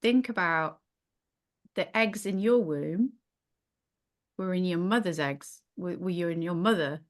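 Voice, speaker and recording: A woman's voice: lowish voice, measured pace. A middle-aged woman teaching a yoga class, thinking aloud with frequent restarts. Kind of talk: casual teaching in a small group.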